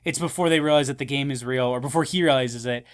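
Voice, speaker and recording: A young man co-hosting a casual film chat, retelling scenes with lively quoted voices and frequent laughs. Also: mid-range voice, fast talker. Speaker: podcast co-host.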